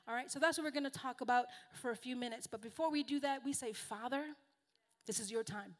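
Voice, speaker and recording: A woman with a high, bright-pitched voice delivers a sermon in a chatty, earnest way. She is a native Spanish speaker and pokes gentle fun at herself as she talks. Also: quick pace. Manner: earnest, conversational, self-deprecating. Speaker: guest preacher.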